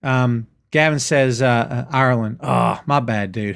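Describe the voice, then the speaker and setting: A middle-aged man hosting a wrestling live stream, ranting and reading viewer comments in a casual, animated way. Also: medium pitch, measured pace, vocal fry. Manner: animated, ranting, addresses chat as "brother" and "dude". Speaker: host of a wrestling show.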